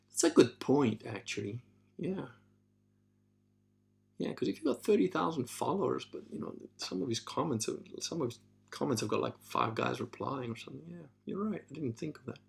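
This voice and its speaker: A man talks on a livestream in a loose, unscripted way, blunt and often profane. His mid-pitched voice carries a gravelly fry. He slips into high, mocking impressions of other people. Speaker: livestream host; martial arts trainer. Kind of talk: casual livestream chat.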